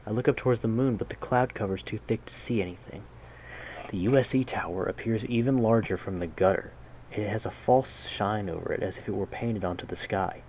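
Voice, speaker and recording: A man reading a game's story text aloud in a measured way, breaking in with casual, slangy jokes as a gaming host. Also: fairly low pitch, a little mellow, slight background noise, rough recording. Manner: measured narration broken by casual slangy comments. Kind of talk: reading game text aloud with jokey asides.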